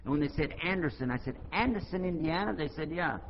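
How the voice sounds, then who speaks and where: An American man preaches to a gathering, retelling a run-in with animated voices for each character. His voice sits a little high, and it carries in a big reverberant hall. The recording is dull and lo-fi, with faint noise underneath. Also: fast talker. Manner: animated, acts out both sides of dialogue. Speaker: Islamic preacher. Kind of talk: storytelling talk to an audience.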